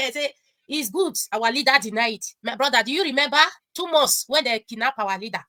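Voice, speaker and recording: A Nigerian woman appears as a guest commentator on an online discussion, talking briskly and excitedly, mixing in pidgin and laughing often. Her voice sits high and sounds bright and sharp.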